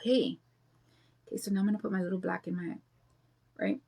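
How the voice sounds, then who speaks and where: A woman's voice: fairly low pitch, a little fast, creaky, dark tone, slightly rough. A woman in her fifties chatting in a rambling, confiding way while she paints, telling a personal story. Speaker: craft vlogger. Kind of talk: casual chat while painting.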